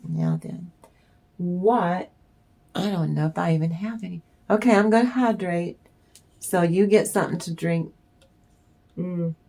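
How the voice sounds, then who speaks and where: A woman's voice: fairly low pitch, a little slow, pauses often, warm tone. A woman giving a channeled tarot reading in a blunt, emphatic way, with swearing. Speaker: tarot reader.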